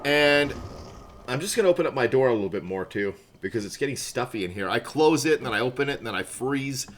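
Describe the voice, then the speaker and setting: A man's voice: medium pitch, expressive, fast. A man streaming a video game live, chatting casually with viewers from a room at home and yelping and laughing at sudden moments in play. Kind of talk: casual gameplay chat.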